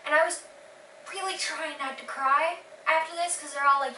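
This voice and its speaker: Teen girl, gushing vlog chat, high bright voice, echoey room, a bit far from the mic. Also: normal speed, slight background noise. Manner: gushing, excited, lots of fillers. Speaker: vlogger. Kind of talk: casual vlog storytelling.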